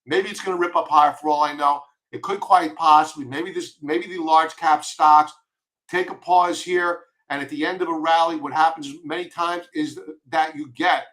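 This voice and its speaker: Speaking with a Long Island accent, this man offers forceful, blunt remarks on stock charts as a market commentator, warning his audience again and again. His voice runs a bit high and bright.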